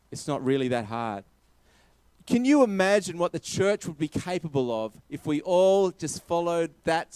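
A man's voice: fairly high pitch, a little mellow, clear, resonant tone, dry recording. A man preaching a sermon, emphatic and repeating his key phrases.

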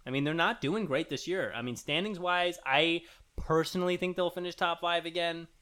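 A man's voice: a little high, moderate pace, pushed and bright, smooth. A man co-hosting a casual podcast, rambling through listener emails with fillers and restarts. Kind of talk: casual chat.

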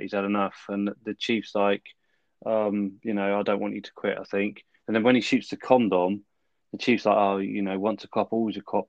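Chill guy, low voice, recapping plot with a laugh, dull dry recording. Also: no echo. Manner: laid-back, chuckling. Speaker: podcast co-host. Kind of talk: casual film review chat.

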